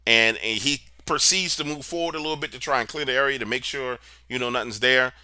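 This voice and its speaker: Animated slangy man telling a story. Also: mid-range voice, fast talker, clean tone, no echo, studio quality. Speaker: interview guest, paranormal researcher. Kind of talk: casual storytelling.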